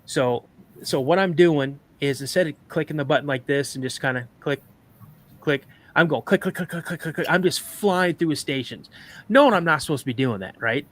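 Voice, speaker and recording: A man telling a personal story on a live podcast, animated, acting out sounds and voices as he goes. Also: a little high, moderate pace.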